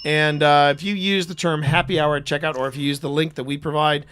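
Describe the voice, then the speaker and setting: A man's voice: on the high side, steady tone, a little fast, fairly bright tone, a little hiss or hum. A man hosting a casual live gaming podcast, rambling with frequent restarts and fillers. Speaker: podcast host. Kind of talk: casual live-stream chat.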